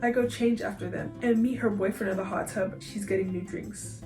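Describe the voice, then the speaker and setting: A woman's voice: mid-range voice, fairly even intonation, brisk, darkish tone. A young woman reading online posts aloud and reacting with slang and frequent laughter. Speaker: YouTuber. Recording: roomy echo, faint music.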